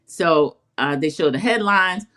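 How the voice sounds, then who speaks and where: A woman's voice: fairly low pitch, expressive, measured pace, bright, forceful tone. A woman co-hosting a casual chat show, retelling the episode in a chatty way and quoting people as she goes. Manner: chatty, storytelling, quotes people in a put-on voice. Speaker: co-host recapping a reality show.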